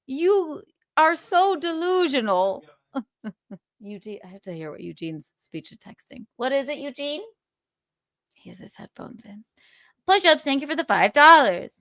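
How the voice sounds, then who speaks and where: A woman's voice: on the high side, big pitch swings, normal speed, gravelly, long pauses, pushed and bright, no echo, clean studio sound. A woman hosting a livestream, ranting in a sarcastic, profane way and laughing between jabs. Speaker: livestream host.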